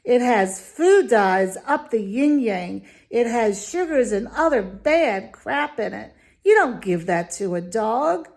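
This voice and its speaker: A woman rants through a video review, indignant and emphatic. Her voice sits fairly high, and she speaks slowly and deliberately, leaning hard on her points. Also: a little mellow. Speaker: dog food reviewer.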